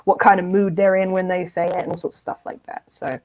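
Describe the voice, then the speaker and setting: A woman with a lowish voice talks through ideas on a casual podcast. She explains things thoughtfully and at length. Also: level tone, fast talker, a little mellow, rough recording. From Britain. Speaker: podcast co-host. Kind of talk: casual chat.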